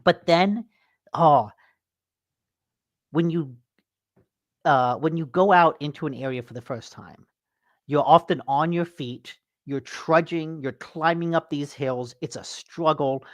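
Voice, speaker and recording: Animated man chatting on a dry mic. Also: fairly high pitch, slow pace, long pauses, dry recording. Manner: animated storyteller, swears freely. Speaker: podcast host. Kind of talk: casual gaming podcast chat.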